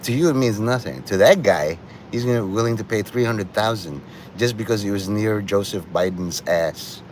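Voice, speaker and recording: A man's voice: lowish voice, moderate pace, slight background noise. A man hosting a livestream, rambling and profane, often laughing at his own jokes. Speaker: livestream host.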